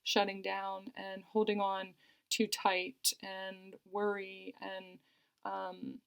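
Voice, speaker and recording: A woman reads tarot cards in an earnest, reassuring way, circling back over the same phrases. Her voice has a gravelly creak to it, and she sits at a middling pitch. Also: monotone, takes it slowly. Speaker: tarot reader. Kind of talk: tarot card reading.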